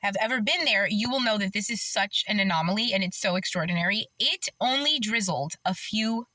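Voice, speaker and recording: A woman's voice: medium pitch, animated, brisk, bright, forceful tone, no echo, low-quality recording. A woman from Las Vegas talking to camera in an earnest, emphatic, chatty way. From Las Vegas, Nevada, USA. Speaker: vlogger. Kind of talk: casual talk to camera.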